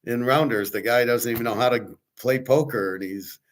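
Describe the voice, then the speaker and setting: A man's voice: medium pitch, moderate pace, slight background noise. A man hosting a casual market commentary stream, talking bluntly and rambling, with frequent swearing. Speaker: host.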